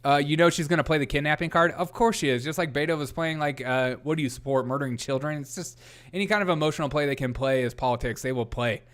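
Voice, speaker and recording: A man's voice: a little high, fast talker, fairly bright tone, smooth. A young man hosting a casual political livestream, reading headlines aloud, greeting chat viewers and often laughing.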